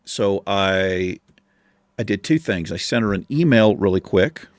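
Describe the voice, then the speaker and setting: A man's voice: lowish voice, expressive, a little slow, dry recording. Profane man telling a story, dry sound. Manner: profane, exasperated anecdote telling. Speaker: gaming channel host. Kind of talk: casual storytelling over gameplay.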